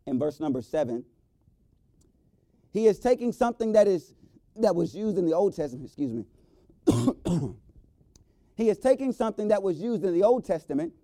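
A man with a high, dark-toned voice preaches a revival sermon. He reads scripture aloud and builds his points with emphatic rises and slow, stretched phrases. The sound is close and dry. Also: no echo. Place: church sanctuary.

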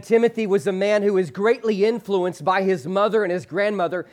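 This is a man preaching from a church sanctuary where a screen hangs behind him. His sermon uses call-and-response with the congregation, a heavy slowdown on the key phrase, and phrase endings that sink soft and low.

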